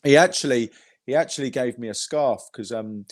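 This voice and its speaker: A man's voice: medium pitch, moderate pace, no echo, studio quality. A man telling football fan stories in a casual podcast chat, chatty and swearing freely.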